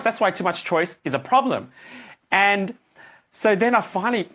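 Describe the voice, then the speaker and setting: Animated male coach telling a story. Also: high voice, moderate pace. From Australia. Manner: animated, acts out his own reactions and voices.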